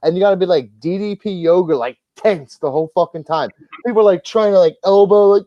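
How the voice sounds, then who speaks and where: Man, podcast host, casual banter, profane rambling storyteller, highish voice, dry dull sound. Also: fast, warm tone, no room sound.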